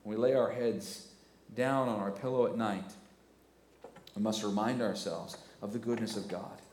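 A man in his forties preaching a sermon, swelling into loud, emphatic passages. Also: fairly low pitch, steady tone, normal speed, roomy sound, a little hiss or hum. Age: 40s. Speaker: pastor. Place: church sanctuary.

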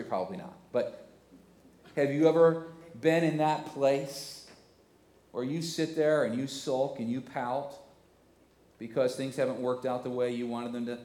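Hoarse pastor preaching in an echoey church. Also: male voice, medium pitch, moderate pace, pauses often. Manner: animated and conversational, with rhetorical questions. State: hoarse, voice cracking. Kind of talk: sermon.

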